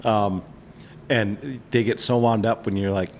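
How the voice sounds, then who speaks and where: A man's voice: on the low side, fairly even intonation, a little hiss or hum. A man talking as a guest on a podcast, blunt and teasing, in casual chat. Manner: teasing, blunt, talks in quick bursts. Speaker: guest, vehicle builder.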